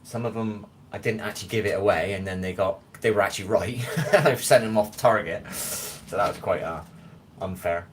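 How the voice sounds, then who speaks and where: Speaking low at a moderate pace, a sleep-deprived West Country man chats aimlessly on a livestream from home, calling out viewers' names from the chat. The phone recording carries a little hiss or hum.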